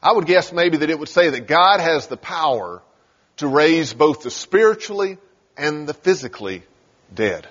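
Preacher in an echoing hall, lively pitch. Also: male voice, moderate pace. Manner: storytelling, acting out scripture scenes. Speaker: pastor. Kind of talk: sermon. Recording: dull sound in a large reverberant hall.

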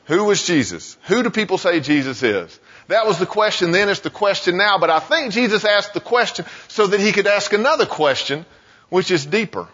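A man preaching a sermon in a casual, conversational way, full of "you know" asides and quick voiced quotes. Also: high voice, animated, a bit bright, breathy edge. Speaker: pastor. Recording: muffled sound with long hall reverb.

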